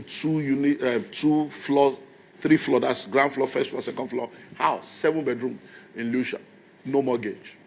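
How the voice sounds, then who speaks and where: Animated man preaching. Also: mid-range voice, slightly rough. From Nigeria. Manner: animated storyteller, acts out dialogue. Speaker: pastor and motivational speaker. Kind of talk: motivational storytelling talk.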